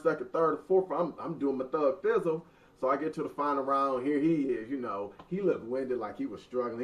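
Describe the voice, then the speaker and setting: A man's voice: medium pitch, recorded from a distance. A man in his thirties, the host, telling a funny story in a joking, mock-dramatic way. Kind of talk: casual storytelling. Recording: muffled sound from off mic.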